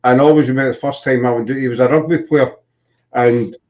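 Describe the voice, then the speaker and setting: A man's voice: medium pitch, fairly even intonation, quick pace, a little mellow. A man with a Scottish accent, hosting a casual chat and telling rambling stories full of fillers and restarts. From Scotland. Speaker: podcast host.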